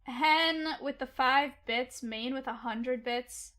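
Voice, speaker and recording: A young woman with a high, bright voice chats on a livestream, slangy and quick to thank her viewers one after another. Her talk is casual and loose. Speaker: streamer.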